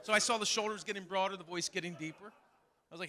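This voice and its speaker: A man's voice: high-pitched, fairly even intonation, quick pace, pushed and bright. A middle-aged man doing a stand-up comedy set, acting out voices of his wife and son. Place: live comedy stage with audience. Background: audience laughter.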